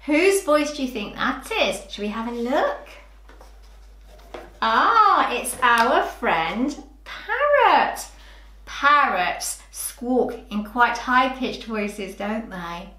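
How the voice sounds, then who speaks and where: A woman teaching young children phonics, sounding words out slowly with gentle encouragement. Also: a little high, sing-song, reverberant, slight background noise. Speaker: early years teacher. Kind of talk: slow, clear children's lesson.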